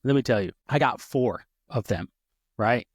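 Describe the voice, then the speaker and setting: A man's voice: medium pitch, normal speed, husky, no room sound, clean studio sound. A man co-hosting a podcast who tells a story in casual chat, acting out the voices of other people and stopping to restart his sentences. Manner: animated, acts out quoted voices, many restarts. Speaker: podcast co-host.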